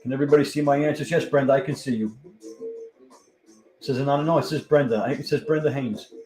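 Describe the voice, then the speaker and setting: A man's voice: medium pitch, steady tone, fast, a little mellow, faint music behind, poor audio. A man hosting a live-stream trivia game, chatting casually and reading out viewers' answers as they come in. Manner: chatty, thinks aloud, reads out viewer answers. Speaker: livestream trivia host.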